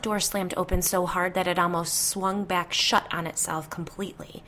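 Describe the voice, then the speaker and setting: A woman's voice: lowish voice, little pitch movement, moderate pace, fairly bright tone, slight background noise. Woman narrating a ghost story. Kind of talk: scripted narration of a first-person ghost story.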